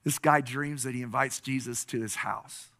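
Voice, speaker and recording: A man's voice: medium pitch, fairly even intonation, moderate pace, sharp tone. A pastor preaching a sermon, telling stories and building to earnest, impassioned appeals to his congregation.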